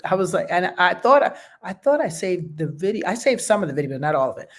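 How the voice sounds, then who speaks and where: A woman's voice: lowish voice, big pitch swings, fast. A woman hosting a show, talking in a casual, heartfelt way and often checking in with "okay?" and "you know". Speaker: host.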